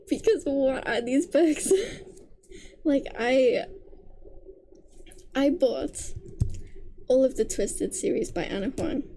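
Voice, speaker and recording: A young woman vlogger ranting casually to camera, animated and exasperated, often breaking into laughter. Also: high voice, slight background noise. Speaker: book vlogger.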